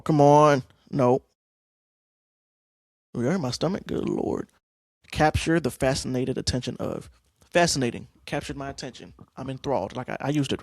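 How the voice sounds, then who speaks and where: A young man hosting a podcast, casually telling stories about acting class, slangy and animated. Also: medium pitch, creaky, husky, no room sound, studio quality. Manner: animated, acts out scene lines, slangy. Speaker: podcast host.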